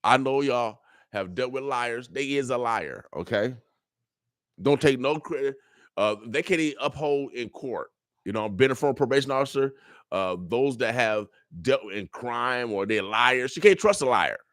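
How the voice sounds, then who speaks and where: A man's voice: medium pitch, lively intonation, normal speed, a bit bright, no echo. An older man speaking on a radio show in a studio, preaching and joking, repeating himself in casual street talk. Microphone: studio microphone.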